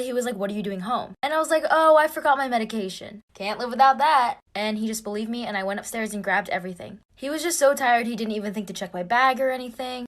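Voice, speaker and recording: A young woman telling a personal story in a casual, breathless and dramatic way. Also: on the high side.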